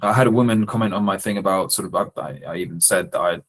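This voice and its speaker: A man's voice: deep voice, fast talker, poor audio. A man hosting a podcast who asks questions and explains things in a casual, conversational way. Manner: inquisitive and explanatory. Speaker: podcast host.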